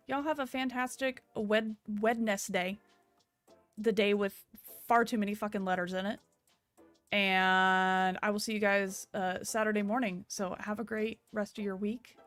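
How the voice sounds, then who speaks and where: Young woman, casual streamer, smooth clear voice, rambling chatter, faint music behind. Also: medium pitch, fairly even intonation, normal speed, fairly bright tone, no echo. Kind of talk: casual stream sign-off chat. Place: at home.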